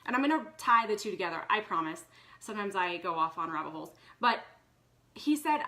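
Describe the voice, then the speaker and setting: A woman's voice: mid-range voice, expressive, fairly quick, pushed and bright. A woman in her thirties talking casually to her viewers, earnest and chatty with many fillers. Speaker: vlogger. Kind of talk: casual live talk to viewers.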